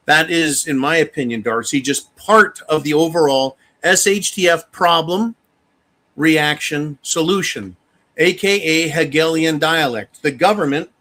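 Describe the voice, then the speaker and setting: Brash, bright-voiced man. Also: on the high side. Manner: emphatic and animated, addresses viewers as folks, swears freely. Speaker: livestream host. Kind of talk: casual livestream commentary.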